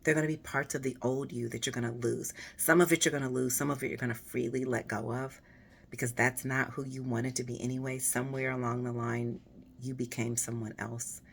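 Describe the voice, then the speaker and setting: A woman with a husky, raspy, hoarse voice talks casually and encouragingly to her viewers in a personal, unhurried way. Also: very deep voice, little pitch movement, a little hiss or hum. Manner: warm, personal, unhurried with fillers. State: hoarse after voice surgery. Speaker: vlogger.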